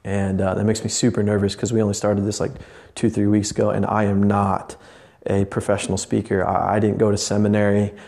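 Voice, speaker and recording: Earnest low-voiced man preaching. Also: completely flat delivery, brisk, gravelly, darkish tone. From Indiana, USA. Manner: passionate, earnest, rambling with restarts. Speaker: pastor and podcast host. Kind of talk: podcast sermon.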